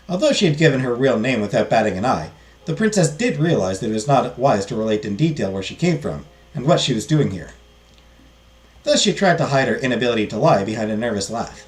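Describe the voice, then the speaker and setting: A let's play host narrating a visual novel aloud, with an expressive read. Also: mid-range voice, fairly quick.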